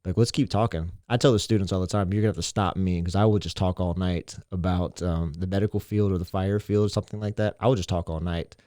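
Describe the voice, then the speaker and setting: A man's voice: low voice, fairly even intonation, fast talker, hardly any pauses, dark tone, no echo, clean studio sound. A man, a teacher and mentor, talking earnestly and reflectively in a casual interview, often repeating himself. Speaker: teacher and mentor, podcast guest.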